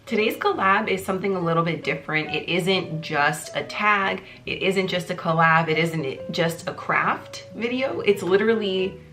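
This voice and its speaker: A woman's voice: fairly low pitch, normal speed, few pauses, fairly bright tone. A woman hosting her own video in a bubbly, jokey casual chat, full of little fillers. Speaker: YouTuber host. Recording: clear background music under the voice. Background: music playing in the background.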